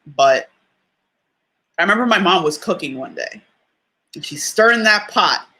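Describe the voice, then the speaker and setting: A woman's voice: lowish voice, lively intonation, measured pace, sharp tone. Woman, motivational speaker, heartfelt livestream storytelling, emotional but candid. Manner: emotional, close to tears, laughs through it; candid, conversational, addresses listeners directly.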